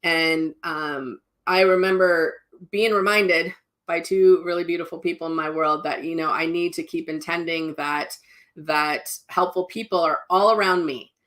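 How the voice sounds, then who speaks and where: A woman's voice: on the low side, fairly even intonation, a little slow, a bit bright. A middle-aged woman, a psychic medium telling personal stories in a casual, rambling way, full of restarts and asides. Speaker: psychic medium and spiritual teacher.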